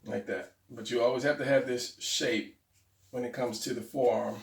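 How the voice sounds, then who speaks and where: A man with a gravelly, creaky voice explains drawing step by step, thinking aloud and fixing his own slips as he goes. He sounds a little far from the mic, in a roomy space that echoes. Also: medium pitch, steady tone, moderate pace. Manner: rambling, self-correcting, talks to himself while drawing. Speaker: drawing tutorial host. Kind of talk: casual drawing instruction.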